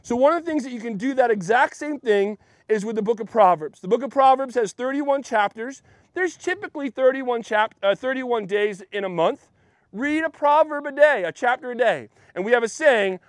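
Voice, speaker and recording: A pastor with a very high voice gives a relaxed, joking sermon and chats with his congregation. The sound is dry and close, with no room echo. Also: moderate pace. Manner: chatty, joking, talks to the congregation. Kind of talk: casual sermon. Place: church.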